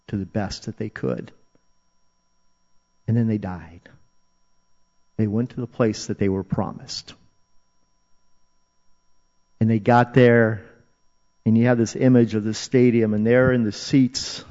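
A man's voice: lowish voice, darkish tone. A man preaching a sermon as pastor, earnest and repeating phrases for emphasis. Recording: dull, reverberant hall recording.

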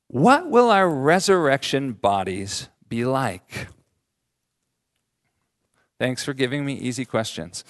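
A man in his thirties, a pastor giving a sermon in a relaxed, joking, conversational way. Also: on the high side.

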